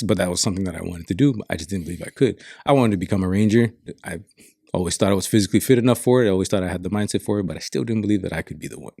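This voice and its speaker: A man's voice: sits low, vocal fry, a little mellow, breathy edge, no room sound, studio quality. A man from Saipan telling stories in a casual chat, frank and reflective, swearing often. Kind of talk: casual storytelling.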